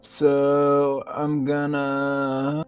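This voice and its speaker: A man's voice: mid-range voice, monotone, very slow, clean tone, faint music behind. A man playing a tabletop role-playing game, easygoing and a little self-deprecating. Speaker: player. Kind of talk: casual tabletop game chat.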